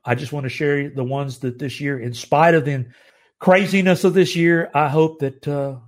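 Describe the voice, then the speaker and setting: A middle-aged man from the United States hosting a live stream, talking earnestly with halting restarts and growing emotional. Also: on the high side, steady tone. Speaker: live show host. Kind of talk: heartfelt live-stream talk.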